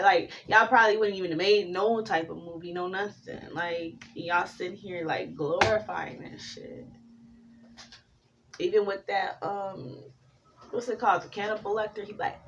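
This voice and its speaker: A woman's voice: medium pitch, recorded from a distance, lo-fi sound, slight background noise. Profane, rambling woman reading tarot. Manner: profane, rambling, animated storytelling. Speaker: tarot reader.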